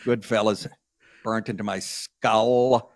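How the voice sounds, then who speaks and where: A man's voice: fairly low pitch, steady tone, slow pace, no echo, clean studio sound, faint music behind. A middle-aged man hosting a comedy talk show, reading news stories aloud and riffing on them in a crude, sardonic way.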